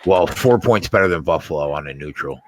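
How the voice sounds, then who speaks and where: A man talking sports bets in a casual chat, animated and poking fun at his own picks. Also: low voice, brisk, dry recording, low-quality recording. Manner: animated, self-mocking about bets. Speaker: sports bettor co-host. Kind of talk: casual live game chat.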